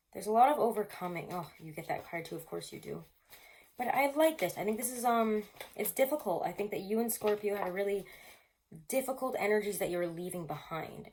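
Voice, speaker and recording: A woman's voice: lowish voice, darkish tone. A woman giving a casual tarot reading to camera, chatty and rambling, full of fillers, often laughing. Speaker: tarot reader.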